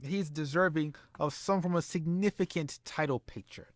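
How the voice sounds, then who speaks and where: A man doing a smooth-talking male wrestling agent. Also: fairly high pitch, moderate pace, no room sound, voice pushed up, close to an everyday voice. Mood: persuasive.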